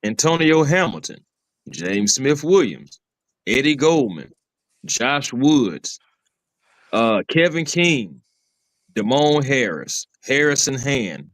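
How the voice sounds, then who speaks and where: A man with an ordinary middle-pitched voice who walks through roster talk in a steady, even way. He often drops in short affirmations while the others speak. The recording is close and dry. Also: slow, long pauses, no room sound. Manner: steady, lists players, frequent affirmations. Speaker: sports podcast co-host. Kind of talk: casual sports chat.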